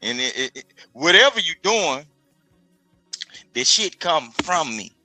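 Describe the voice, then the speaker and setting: Bright-voiced man in profane chat. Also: a little high, very animated, measured pace, dry recording, soft background music, poor audio. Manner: profane, streetwise storytelling. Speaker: podcast guest. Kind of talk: casual chat.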